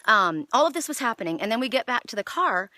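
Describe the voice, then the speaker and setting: A middle-aged woman giving a casual spiritual card reading outdoors, chatty and excitable, with lots of fillers. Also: fairly high pitch, quick pace, dry recording. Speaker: oracle card reader. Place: outdoors in the evening.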